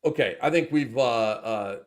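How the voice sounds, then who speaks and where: A man hosting a fantasy basketball show, talking in animated, casual chat that swings from muttering to loud, swearing outbursts. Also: medium pitch, measured pace.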